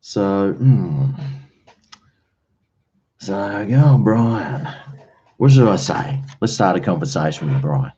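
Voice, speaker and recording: Australian male streamer, low mellow voice, chatty rambler, muffled home recording. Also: animated, takes it slowly, long pauses. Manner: rambling, chatty, uses slang and mate. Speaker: livestream host. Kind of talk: casual chat with live viewers. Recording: dull lo-fi stream audio.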